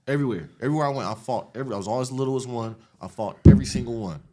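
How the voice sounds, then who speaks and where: A man from the Los Angeles area, a podcast guest retelling his past in an animated, streetwise, profane way. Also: medium pitch, very fast. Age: adult, after an 18-year sentence. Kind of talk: casual storytelling interview.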